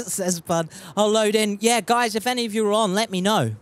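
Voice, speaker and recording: A man's voice: sits high, moderate pace, no echo. A young man chatting casually while streaming a game, reading out viewer messages, sweary and laughing at himself. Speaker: gaming streamer.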